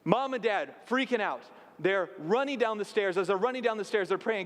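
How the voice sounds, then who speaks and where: A man in his late thirties with a high voice, preaching in a church sanctuary. He tells stories in a relaxed, chatty way and turns to the congregation with asides. His voice rings with a long reverb. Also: a little fast. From South Dakota. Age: late 30s. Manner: conversational storytelling with asides to the congregation. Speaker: pastor. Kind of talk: sermon.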